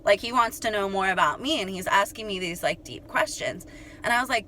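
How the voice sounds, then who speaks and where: A young woman telling a story to her viewers in a chatty, animated way, full of "like" and "you guys". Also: medium pitch, brisk, a little hiss or hum. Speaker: astrology channel host.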